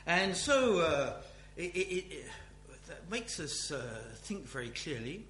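A man teaches from the Bible in an unhurried, musing way, often restarting his sentences. His voice sits a little high. The room is echoey, with a faint hum behind him. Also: big pitch swings, fairly bright tone. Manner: slow, musing delivery with many restarts. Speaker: preacher.

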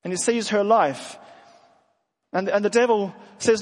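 A man with a high voice preaches earnestly, often stumbling over and repeating his words. The sound carries a long reverb, as in a large hall. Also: a little slow. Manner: earnest, with frequent restarts. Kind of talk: sermon.

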